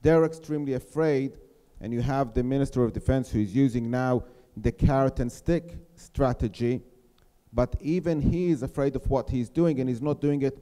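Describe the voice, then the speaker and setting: A middle-aged man on a panel speaking earnestly to a live audience, slowing down to press his key points. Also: mid-range voice, steady tone, warm tone. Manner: earnest, persuasive, slows to stress key points. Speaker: settlement mayor on a panel. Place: lecture hall. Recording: reverberant hall.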